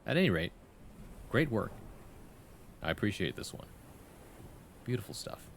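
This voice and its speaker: A man's voice: lowish voice, very animated, a little slow, gravelly, a little hiss or hum. A man streaming live, reading a viewer's poem aloud and giving playful feedback, humming rhythms and often adding "right?". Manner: playful, reads poems aloud, hums rhythms, tags questions with "right?".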